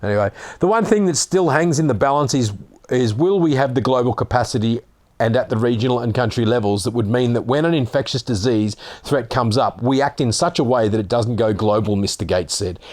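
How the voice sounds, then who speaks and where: A man's voice: medium pitch, a little fast, a little mellow. An Australian man ranting sarcastically as a vlogger, reading out a news article and swearing as he gets heated.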